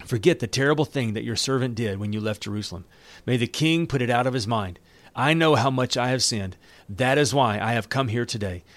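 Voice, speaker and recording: A man's voice: medium pitch, no echo. A man reading a Bible passage aloud, now and then stopping to retell it loosely in everyday words. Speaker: Bible reader and teacher. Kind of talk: Bible reading with casual commentary.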